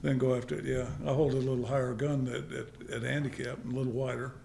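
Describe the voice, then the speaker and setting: Male guest, gravelly mid-pitched voice, easygoing answers, echoey room. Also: flat delivery, quick pace, darkish tone, slight background noise. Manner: laid-back, short agreeing replies. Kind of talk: casual chat.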